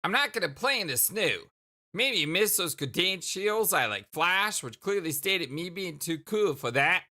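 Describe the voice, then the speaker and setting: A woman reading the lines of a smug, deadpan teen boy who rambles about how cool he is, aloud from a story game. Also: fairly low pitch, moderate pace, voice pushed up.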